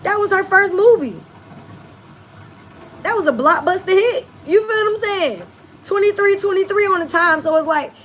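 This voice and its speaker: Woman, tarot reader, fairly high voice, blunt and emphatic, swears, talks straight to "y'all". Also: a bit bright, a little hiss or hum, low-quality recording. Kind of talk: collective tarot reading to viewers.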